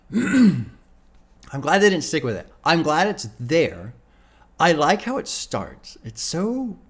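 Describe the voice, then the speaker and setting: Laid-back man thinking aloud. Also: on the high side. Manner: thinks aloud with restarts and trailing phrases; laid-back, swears casually. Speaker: music reaction host. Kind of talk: casual first-listen commentary.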